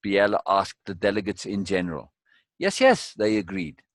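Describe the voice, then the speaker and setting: An older man hosting a live reading, chatting casually and then reading narration, animated and quick to laugh. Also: low voice, no echo. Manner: animated, laughing, repeats himself. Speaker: host and reader.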